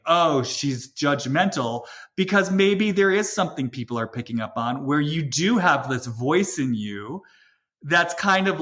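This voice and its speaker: A man with a fairly high voice hosts a relaxed podcast chat. He muses at length, circling his points with filler words and quoted asides. He sounds like he is thinking aloud. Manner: reflective, thinks aloud with many "like" and "you know". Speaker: podcast host. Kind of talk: casual chat.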